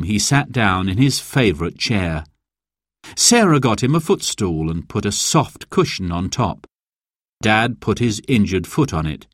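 A man narrating a children's storybook in a clear, expressive, deliberate way. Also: on the low side, no room sound, studio quality.

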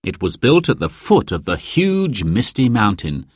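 Man reading a storybook, slow, very animated pitch, dry close sound. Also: husky, no room sound. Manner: slow, lively storytelling delivery. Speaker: narrator.

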